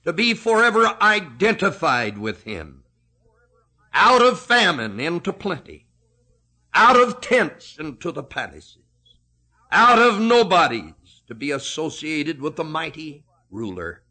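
Slow, animated male preacher. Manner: slow, emphatic preaching with wide swings in pitch and loudness. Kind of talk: sermon.

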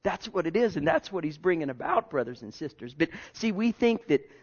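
A male pastor preaching a sermon in a conversational way, repeating himself and jumping from hushed asides to loud bursts. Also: on the high side, very animated, brisk, slightly rough. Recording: dull lo-fi sermon recording.

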